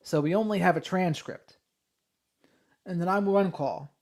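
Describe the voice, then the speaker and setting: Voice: medium pitch, moderate pace, darkish tone. A true crime livestream host, conversational and thinking aloud, who reads out a call transcript and then comments on it.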